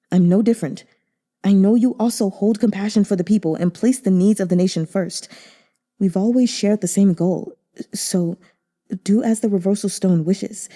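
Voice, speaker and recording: A woman reading a gentle devoted general. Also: mid-range voice, lightly acted. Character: tender devoted male general, gaunt and calm.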